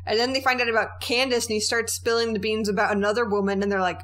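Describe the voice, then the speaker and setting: A woman's voice: fairly high pitch, animated, quick pace, few pauses, a bit bright. Blunt sarcastic woman co-host. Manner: reactive, blunt, sarcastic asides. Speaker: podcast co-host. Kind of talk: casual true-crime podcast chat.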